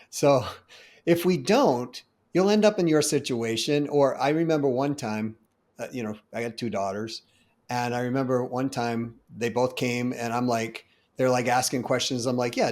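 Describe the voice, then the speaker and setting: A man's voice: mid-range voice, darkish tone. A man hosting a sales conversation, telling a story with quoted dialogue and drawing a lesson from it. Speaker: sales podcast host. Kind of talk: conversational interview.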